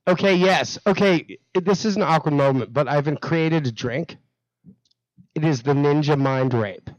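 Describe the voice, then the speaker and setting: A man co-hosting a casual comedy podcast, telling a story with animated, swearing delivery. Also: on the high side, unhurried, dry recording, lo-fi sound.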